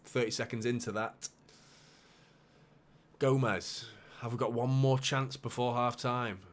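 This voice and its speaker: A man hosting a live football watchalong, calling the play with bursts of excitement and muttered asides. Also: medium pitch, a little slow. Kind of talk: live match commentary for a fan watchalong.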